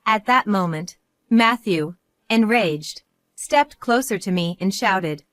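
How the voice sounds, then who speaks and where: A middle-aged woman narrates a scripted first-person story in a calm, resolute, mid-pitched voice. Her delivery is measured, and the recording is dry and close-miked with no room sound.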